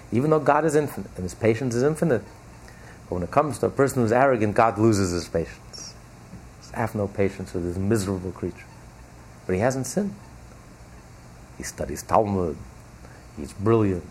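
A man's voice: lowish voice, lively intonation, normal speed, long pauses, darkish tone, slight background noise. A man teaching as a rabbi, giving an emphatic religious lecture full of rhetorical questions and repetition.

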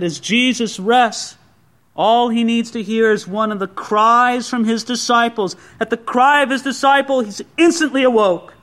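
A pastor preaching a sermon in a conversational way, acting out the quoted speech of others. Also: male voice, high voice, fairly bright tone.

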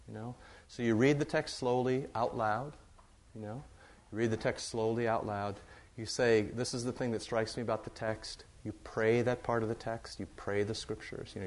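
A middle-aged man, a pastor, giving church announcements and leading a Bible study in a rambling, good-humored way. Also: fairly low pitch. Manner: chatty, warm-humored, rambling with fillers.

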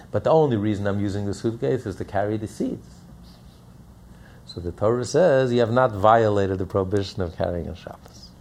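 A man's voice: lowish voice, mellow, slight background noise. A man teaching a Hasidic text in a lecture, repeating points and asking rhetorical questions. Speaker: Torah teacher.

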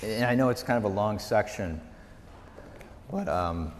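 A male pastor teaching a Bible study in a conversational, storytelling way. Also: measured pace. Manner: conversational storytelling, lively pitch. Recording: echoey hall reverb.

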